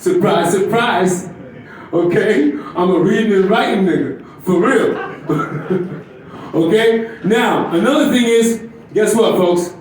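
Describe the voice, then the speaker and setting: Loud profane stand-up guy in his 50s, kinda high voice, super echoey club, sounds far from the mic. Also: takes it slowly. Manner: brash, profane, crowd-baiting. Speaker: stand-up comedian. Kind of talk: stand-up comedy set. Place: comedy club stage.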